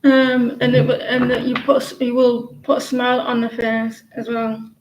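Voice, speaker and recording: A woman's voice: fairly high pitch, completely flat delivery, a little mellow, highs cut off, slight background noise. English woman reading tarot, echoey room. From England. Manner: halting, many fillers and restarts. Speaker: tarot reader. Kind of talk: live-stream tarot reading.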